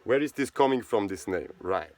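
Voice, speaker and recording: A man's voice: fairly low pitch, lively intonation, moderate pace, darkish tone. A man from Switzerland who speaks with a Swiss German accent, talking in a rambling casual monologue and often checking in with "right?". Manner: rambling, repeats words, asks "right?". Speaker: channel host.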